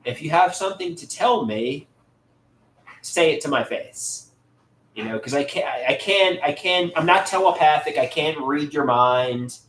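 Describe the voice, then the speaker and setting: A man hosting a casual livestream, reading out viewers' chat and answering them in a halting way, often repeating words and restarting sentences. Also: on the high side, lively intonation, a bit bright. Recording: roomy echo, faint background noise.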